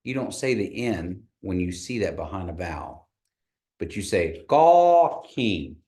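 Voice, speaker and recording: A man teaching an online language class over a video call, patiently repeating words slowly for learners. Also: low voice, darkish tone.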